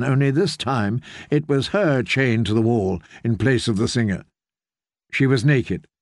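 A man narrating an audiobook in a steady, even storytelling manner. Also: medium pitch, dry recording, studio quality. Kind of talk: scripted narration.

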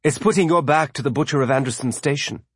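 A man voicing a blunt, weary male spaceship crewman who talks in short, gruff sentences. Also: fairly high pitch, fast, no room sound, studio quality, pitched above the performer's own voice.

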